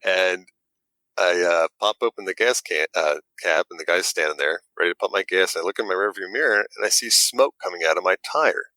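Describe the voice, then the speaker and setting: Man, very low voice, crisp and bright, dry close sound, casual animated storytelling. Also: a little fast, no echo, low-quality recording. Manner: animated, acts out quotes, stammers. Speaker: model maker guest.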